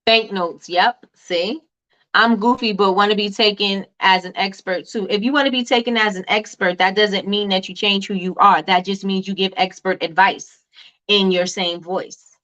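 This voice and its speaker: Loud, chatty woman hosting a livestream. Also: mid-range voice, normal speed, dull audio. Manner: loud, animated and repetitive, talks straight to viewers. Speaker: host of a live business tips show. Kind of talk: casual live-stream chat reading comments.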